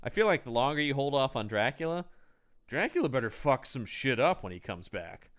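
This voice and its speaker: A man co-hosting a casual film-review podcast, jokey and quick to act out lines from scenes. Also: medium pitch. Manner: animated, jokey, acts out quotes. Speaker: podcast co-host.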